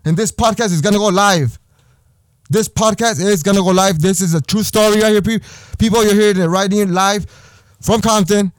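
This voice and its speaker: A young man with a high-pitched voice hosts a podcast, ranting in a heated, profane, repetitive way. His voice sits dry and close with no room echo. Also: moderate pace. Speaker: podcast host. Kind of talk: angry personal rant.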